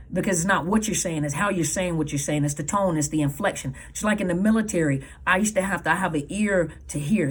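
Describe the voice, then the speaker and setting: A counselor and coach with a husky, lowish voice gives earnest advice to her viewers. She speaks emphatically and keeps repeating her key points.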